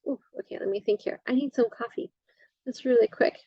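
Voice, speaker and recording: Halting woman lecturing, dull dry sound. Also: on the high side, husky, no echo. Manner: halting, many fillers and self-corrections. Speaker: instructor. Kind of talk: recorded lecture.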